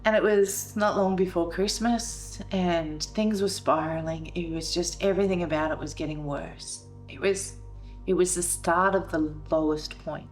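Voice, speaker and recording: A woman's voice: on the low side, steady tone, measured pace, faint music behind. A woman telling a painful family story in a documentary interview, acting out the scenes with emotion. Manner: emotional, re-enacting scenes with rising voice. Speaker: veteran's wife telling her story.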